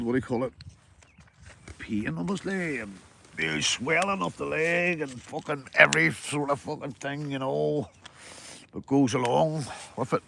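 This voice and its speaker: A man's voice: medium pitch, gravelly, background noise. A Northern Irish man livestreaming while fishing outdoors, chatting casually to viewers, swearing freely and calling them mate. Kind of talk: casual chat to live viewers. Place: outdoors by the water.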